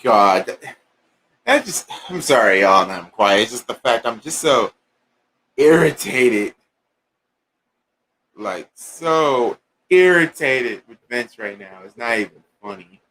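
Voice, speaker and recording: A man hosting a casual livestream, chatting and ranting in an animated, exasperated way. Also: mid-range voice, takes it slowly, long pauses, slight background noise. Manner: animated, exasperated rants with bursts of singing. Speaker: livestream host.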